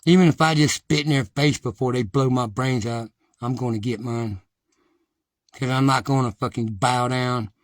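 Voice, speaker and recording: A man's voice: medium pitch, fairly even intonation, normal speed, no room sound. A middle-aged man giving an impassioned, defiant monologue to his viewers, blunt and heavily profane. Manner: rises to agitated, loud ranting.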